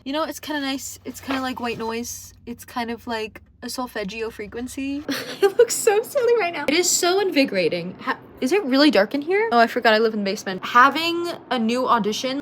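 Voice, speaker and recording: A young woman in her twenties chatting casually to her phone camera for a vlog, bubbly and full of quick asides. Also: fairly high pitch. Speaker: vlogger. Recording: phone vlog with clear background noise.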